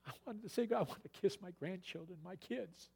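A scheming older father-in-law full of mock-innocent excuses, as a preacher puts him on. His voice sits a little high and sounds husky and breathy, and he fumbles for a story as he goes. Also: a little fast, a little mellow, full character voice. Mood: mock-sentimental.

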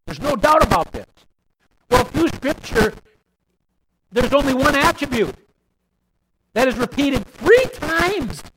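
A man preaching a sermon, swinging between loud emphatic repetition and low quiet asides. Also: sing-song, unhurried, pauses often, noisy background.

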